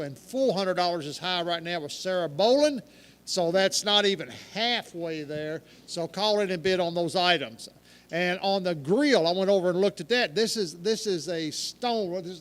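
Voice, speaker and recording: A folksy man calls out bids for a local radio auction, his voice high and bright. He jokes with listeners between prices. A long hall reverb trails behind him. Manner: folksy, joking, rattling off bids.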